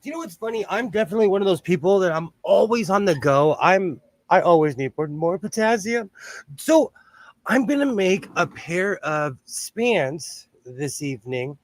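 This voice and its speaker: A middle-aged man with a Southern Californian accent hosts a live sewing stream and greets viewers one by one. His voice sits a little high, and the sound is dry and close. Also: expressive, moderate pace, dry recording. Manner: chatty, greets viewers by name. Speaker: host of a sewing livestream. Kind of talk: casual livestream chat.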